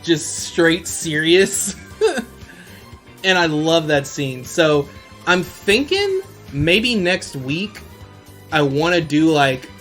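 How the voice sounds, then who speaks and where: A man's voice: fairly high pitch, very animated, slow pace, fairly bright tone, faint music behind. Slangy, laughing male podcast host. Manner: slangy, laughs often while retelling scenes. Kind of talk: casual solo anime recap.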